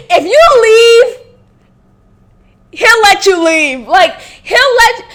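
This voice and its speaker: A woman's voice: high voice, a bit bright. A young woman hosting a podcast, telling a candid story in a blunt, profane way and laughing often. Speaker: podcast host.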